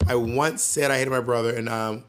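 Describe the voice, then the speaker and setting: A man co-hosting a podcast, chatting casually and telling stories in an animated, playful way, swearing freely. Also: medium pitch, fairly quick. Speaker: podcast co-host. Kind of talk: casual chat.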